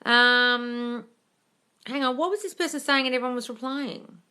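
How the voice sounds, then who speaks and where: A woman's voice: sits high, normal speed, bright, forceful tone, clear, resonant tone. A woman hosting a live question-and-answer stream as a coach, blunt and emphatic, swearing freely as she answers viewers. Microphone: phone or computer mic for a live stream.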